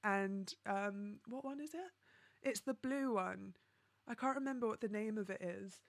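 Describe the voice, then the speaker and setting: A woman's voice: medium pitch, unhurried, creaky, no echo. Chatty woman hosting a livestream. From London. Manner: chatty and upbeat, laughs often, many ums. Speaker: livestream host. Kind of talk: casual livestream chat reading viewer comments.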